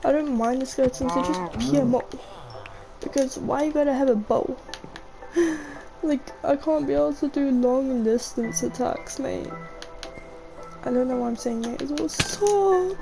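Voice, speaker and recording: A woman's voice: sits high, fairly even intonation, moderate pace, creaky, pauses often, over music, poor audio. A chatty young woman, rambling casually over her gameplay and often saying "mate". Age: young adult. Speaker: gaming vlogger.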